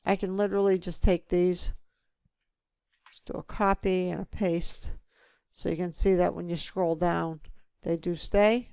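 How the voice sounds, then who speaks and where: A woman teaching a spreadsheet lesson, talking through each click step by step in a relaxed way. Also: on the low side, unhurried, creaky, clean tone, dry recording. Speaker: instructor. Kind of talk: screen-recorded software tutorial.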